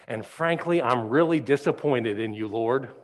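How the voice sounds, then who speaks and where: A man preaching, voicing a sulking prophet who complains in a high, petulant voice. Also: normal speed, natural voice. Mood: whining.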